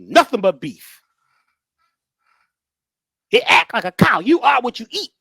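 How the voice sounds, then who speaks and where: A lively, folksy man talks in a storytelling way, his pitch swinging widely from phrase to phrase. He jokes and preaches in turns. The sound is close and dry with no room echo. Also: measured pace, vocal fry, pauses often, husky. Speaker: guest speaker. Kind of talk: animated storytelling talk.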